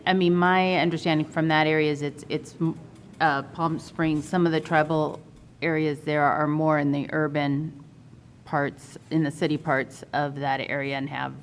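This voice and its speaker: A woman commissioner speaking in a public meeting over a video call, halting, with frequent ums and restarts. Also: low voice, creaky, a little hiss or hum. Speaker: redistricting commissioner.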